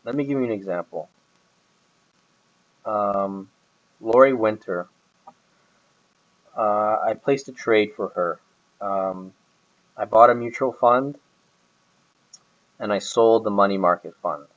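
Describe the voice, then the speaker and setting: In this lo-fi recording, an employee with a fairly low voice talks slowly about his boss, leaving long pauses. It's a casual conversation, and he rambles, hesitating and starting over often.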